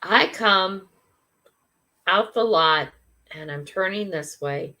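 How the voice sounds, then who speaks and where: A woman's voice: medium pitch, slow. Chatty older woman telling a story. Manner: chatty, animated, laughing through a funny story. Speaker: livestream host. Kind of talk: casual storytelling on a livestream.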